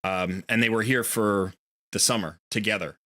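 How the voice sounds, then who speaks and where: Bright-voiced man chatting on a stream. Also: fairly low pitch, fairly even intonation, moderate pace. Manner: rambling, storytelling with playful voiced asides. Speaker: game streamer. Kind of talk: casual livestream chat. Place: home room near a window.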